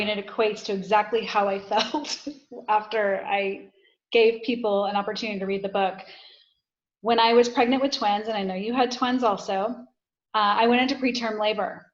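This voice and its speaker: A woman's voice: mid-range voice, steady tone, normal speed. A woman guest author talking casually on a podcast, telling candid, self-deprecating stories. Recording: dull, muffled sound.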